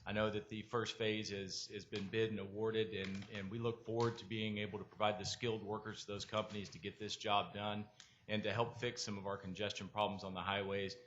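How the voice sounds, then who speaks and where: A union representative giving a short, grateful public comment at a board meeting, slightly halting at times. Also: male voice, fairly low pitch, level tone, a bit bright, dull audio, slight background noise.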